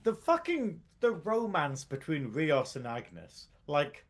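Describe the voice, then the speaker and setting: Animated, sweary man reviewing a show. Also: fairly high pitch, slow pace. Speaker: podcast co-host. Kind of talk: casual review chat.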